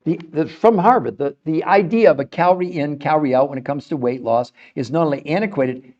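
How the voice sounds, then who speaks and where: Here a middle-aged health show host replies to viewer comments during a livestream, arguing passionately and restarting or repeating himself as he gets worked up. He talks fairly quickly in a slightly high voice with lively intonation.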